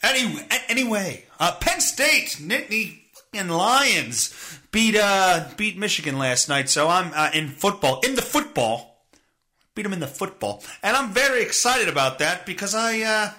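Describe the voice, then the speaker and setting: Man in his thirties, solo podcast host, rambling sarcastic rant, fairly high and forceful voice. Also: very animated, normal speed. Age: 30s.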